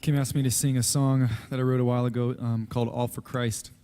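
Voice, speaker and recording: A man's voice: medium pitch, clear, resonant tone, in a large hall. A man telling a light, joking story at a memorial before he sings a song he wrote. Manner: relaxed, joking, brisk. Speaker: memorial speaker and singer.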